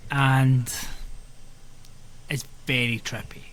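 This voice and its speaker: A man co-hosting a podcast, reviewing a game in an earnest, hesitant way and filling his pauses with "um". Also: medium pitch, little pitch movement, a bit bright. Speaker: podcast co-host. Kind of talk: casual chat.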